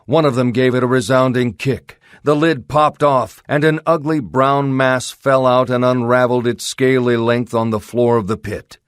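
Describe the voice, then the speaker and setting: A male audiobook narrator reading a pulp adventure in a steady, dramatic way. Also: mid-range voice, normal speed, hardly any pauses, clear, resonant tone, dry recording, studio quality.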